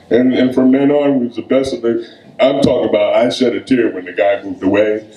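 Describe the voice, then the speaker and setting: A man's voice: mid-range voice, fairly even intonation, mellow, highs cut off. Man reading poetry in an echoey room. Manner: slow, weighty reading, then loose conversational storytelling. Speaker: poet. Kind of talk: poetry reading and storytelling at a live event. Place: event room.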